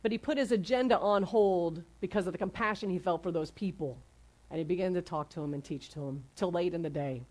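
A woman's voice: on the low side, brisk, a little mellow. Casual, conversational woman preaching a sermon. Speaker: pastor.

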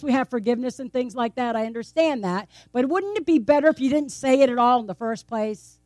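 A woman's voice: sits high, no room sound, studio quality. A woman preaching a sermon in a conversational, playful way, tossing out rhetorical questions and laughing often. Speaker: pastor. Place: church.

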